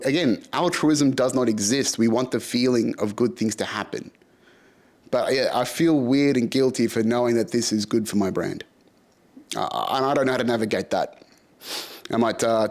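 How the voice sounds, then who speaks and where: A man's voice: mid-range voice, normal speed, darkish tone. A young man talking through his week in a casual vlog, frank and swearing freely, rambling with restarts. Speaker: podcast host. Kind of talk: casual personal vlog monologue.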